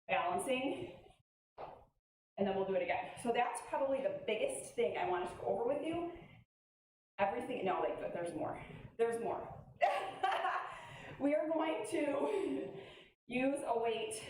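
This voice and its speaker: A woman's voice: fairly high pitch, darkish tone, a little hiss or hum. Upbeat woman coaching a workout in an echoey room. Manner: upbeat coaching, calling out moves, frequent laughs. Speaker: fitness instructor. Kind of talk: live online workout class. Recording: very echoey room, voice far from mic.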